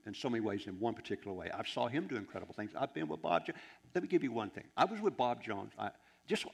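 A man in his sixties, a preacher, telling anecdotes in an animated, rambling way with many restarts. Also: on the low side, gravelly. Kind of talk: anecdotal sermon storytelling.

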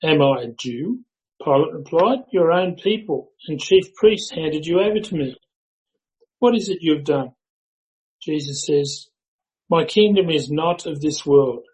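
A man reading a Bible passage aloud to a church in a measured, even way. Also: a little high, rough recording. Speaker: scripture reader.

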